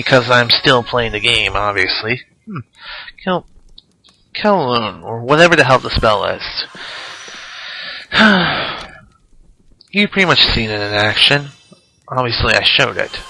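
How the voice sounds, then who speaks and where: A man's voice: fairly high pitch, pushed and bright, low-quality recording. A man giving casual let's-play commentary in a rambling, offhand way, often sighing. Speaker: gameplay commentator.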